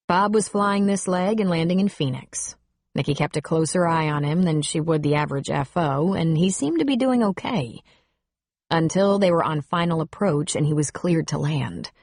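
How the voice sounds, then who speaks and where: Low-voiced woman narrating an audiobook. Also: darkish tone, dry recording, clean studio sound.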